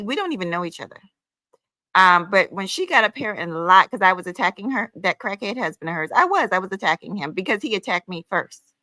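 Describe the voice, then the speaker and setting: Woman livestream host, heated rant, bright forceful voice, dry close sound, sassy and profane. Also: medium pitch, very animated, a little fast, no room sound. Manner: emphatic, with frequent "honey" and "child".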